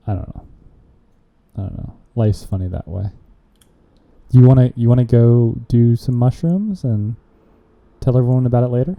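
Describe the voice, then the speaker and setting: A man's voice: medium pitch, moderate pace, vocal fry, long pauses, highs cut off. A man hosting a casual podcast chat, joking and rambling with lots of fillers. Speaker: podcast host.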